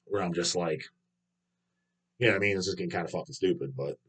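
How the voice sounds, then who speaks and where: A man's voice: low-pitched, fast talker, fairly bright tone, husky. A middle-aged man hosting a livestream, ranting in a swaggering, foul-mouthed, mocking way. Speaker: livestream host. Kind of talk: profane casual rant.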